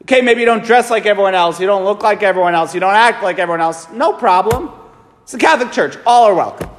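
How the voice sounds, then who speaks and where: Priest man giving a lively sermon, high voice, big echoey church. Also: quick pace. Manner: animated, emphatic preaching with rhetorical questions. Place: large church. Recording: long church reverb.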